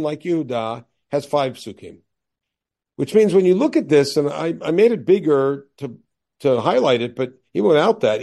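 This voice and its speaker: A man who teaches as a rabbi, lecturing on a Bible text. He explains step by step, asks himself questions and answers them, and reads the old verses slowly before he explains them. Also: a little high, vocal fry, mellow.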